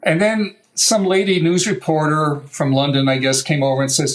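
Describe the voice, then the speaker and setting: A middle-aged guitar maker, a man, telling lively stories in an interview, acting out what others said and laughing often. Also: fairly high pitch, normal speed, rough recording. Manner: animated anecdotal telling, acts out quoted voices, laughs often. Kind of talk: storytelling interview.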